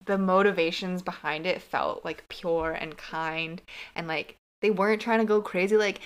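A woman's voice: lowish voice, fairly even intonation, moderate pace, smooth. A woman co-hosting a podcast, chatting casually about a TV episode and voicing her own reactions as quotes. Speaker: podcast co-host. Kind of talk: casual TV recap chat.

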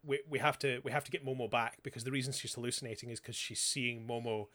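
A man's voice: mid-range voice, steady tone, bright, forceful tone. Sarcastic guy recapping a show. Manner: sarcastic, acts out characters' lines in quick voices. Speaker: podcast co-host. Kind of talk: casual chat recapping a show.

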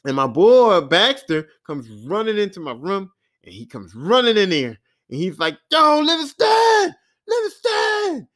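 A man's voice: fairly high pitch, big pitch swings, moderate pace. A man in his forties hosting a podcast, telling a rambling, profane, self-mocking story. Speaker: podcast host. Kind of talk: casual storytelling monologue.

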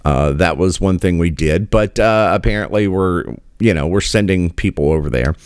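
A man's voice: low voice, moderate pace, clear, resonant tone, no room sound, clean studio sound. A middle-aged man giving casual commentary, sarcastic and hesitant, with many fillers.

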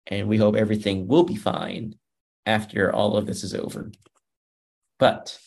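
A man in his thirties hosting a racing talk podcast, upbeat and rambling, often addressing listeners as folks. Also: lowish voice. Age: 30s. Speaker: podcast host. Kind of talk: casual show wrap-up chat.

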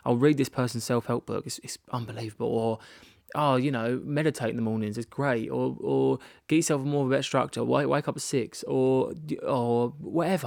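British male podcast host, young, gravelly tone, dry close sound, rambling and self-deprecating. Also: medium pitch, steady tone, brisk, darkish tone, no echo. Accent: British English. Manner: rambling, frequent restarts and self-deprecating laughs. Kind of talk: candid solo podcast monologue. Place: rented holiday annex.

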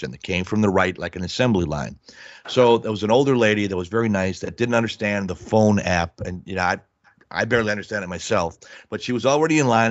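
A man in his fifties with a lowish voice tells blunt, rambling stories as a comedian guest. The sound is dry and close, with a dull, muffled tone. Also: dry recording. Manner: rambling, blunt, animated storyteller. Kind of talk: casual storytelling interview.

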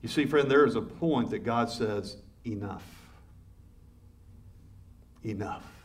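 A man's voice: mid-range voice, normal speed, a little hiss or hum. A man preaching an impassioned sermon. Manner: impassioned preaching that swells loud and urgent; direct address to listeners with rhetorical questions. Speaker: pastor.

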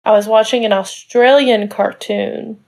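A woman's voice: medium pitch, fairly even intonation, measured pace, creaky, darkish tone. A young American woman co-hosting a podcast, chatting casually with rambling, apologetic asides. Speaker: podcast co-host.

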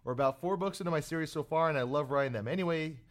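A man's voice: a little high, rapid-fire. A man in his late twenties co-hosting a podcast, reading mail with lots of ums and self-deprecating asides. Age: 20s. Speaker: podcast co-host. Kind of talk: casual podcast chat.

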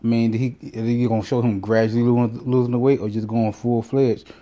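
Man, casual storytelling, rambling, profane, mellow tone, middle pitch. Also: flat delivery, brisk. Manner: rambling, profane, self-interrupting. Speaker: vlogger.

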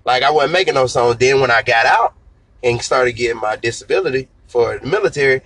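A man in his thirties, a singer being interviewed, telling his story in a relaxed, slangy, conversational way. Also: medium pitch, brisk, no echo, rough recording. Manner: relaxed storytelling, slangy, repeats "you know what I'm saying". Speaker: singer and guest.

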